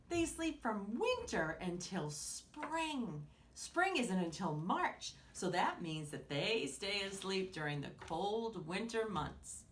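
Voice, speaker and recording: A woman teaching children, reading a picture book aloud with animated tones and hushed whispered asides. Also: medium pitch, a little hiss or hum. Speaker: children's story-time teacher.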